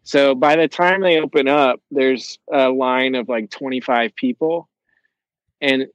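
A man's voice: mid-range voice, a little slow, no room sound, dull audio. A young man telling a long, rambling story in casual chat, swearing and using lots of fillers.

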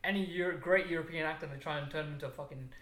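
A man's voice: a little high, rapid-fire, a crowd in the background. Laid-back man in an echoey room. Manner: laid-back, swears often. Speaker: film chat participant. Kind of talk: casual chat. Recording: echoey room with noticeable background noise.

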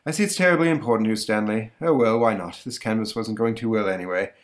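A man's voice: fairly low pitch, fast, natural voice. A man voicing a huge, polite, vain male monster with a refined, slightly pompous manner, in a comic-strip reading. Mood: genteel.

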